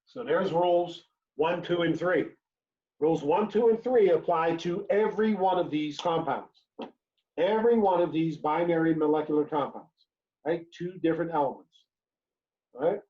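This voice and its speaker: Remote teaching finds this man giving an introductory chemistry lecture online, from home or a classroom, in a fairly high voice at normal speed. He repeats important phrases and checks in with "right?" through the examples, and the lo-fi recording sounds dull.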